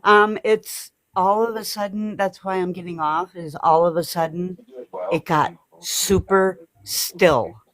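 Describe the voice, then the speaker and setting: A woman's voice: lowish voice, steady tone, slow. A woman on a livestream, sympathetic to her friend and indignant about others. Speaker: livestream guest. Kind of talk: casual chat.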